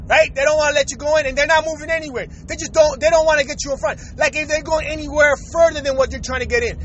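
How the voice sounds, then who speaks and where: A man's voice: extremely high pitch, fairly even intonation, quick pace, muffled recording. A young man ranting profanely about traffic while driving, repeating himself. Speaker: vlogger. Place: inside a car in city traffic. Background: faint traffic noise.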